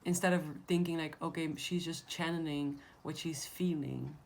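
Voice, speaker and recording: A woman's voice: deep voice, steady tone, normal speed, gravelly, a little mellow. A woman giving a casual tarot reading to her viewers, blunt and emphatic, swearing freely. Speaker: tarot reader.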